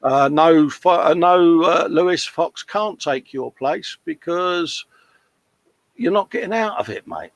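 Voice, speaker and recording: A man's voice: a little high, lively intonation, slow, no echo. A man hosting a casual live show, reading out viewer comments with jokey banter and calling everyone mate.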